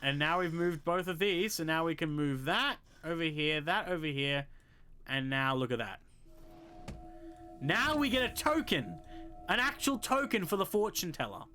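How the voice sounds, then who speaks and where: A man's voice: fairly high pitch, expressive, moderate pace, bright, forceful tone, soft background music. A man hosting a game walkthrough, chatting casually as he plays, thinking aloud with jokey asides. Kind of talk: casual gameplay commentary.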